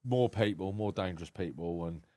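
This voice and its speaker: Low-voiced English man, candid and swearing. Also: moderate pace, dark tone, dry recording. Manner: candid, swears freely, laughs often. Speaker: podcast guest. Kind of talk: casual podcast conversation.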